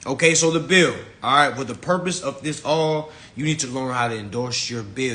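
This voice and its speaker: A man's voice: moderate pace, hardly any pauses, bright, forceful tone. A man hosting an online class on a live stream, ranting bluntly and mockingly at his listeners. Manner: blunt, profane, mocking, mimics people in high voices. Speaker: online finance class host.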